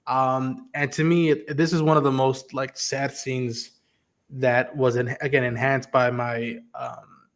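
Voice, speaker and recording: Animated podcast host man. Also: mid-range voice, measured pace. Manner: animated, swears, acts out characters' lines. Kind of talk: casual livestream talk about an episode.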